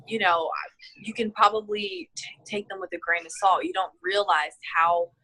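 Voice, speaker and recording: A woman's voice: medium pitch, lively intonation, normal speed, vocal fry, bright, forceful tone, slightly rough, low-quality recording. A woman being interviewed about her healing, speaking heartfelt and choked up, with many fillers. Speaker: healing client. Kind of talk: casual video-call interview.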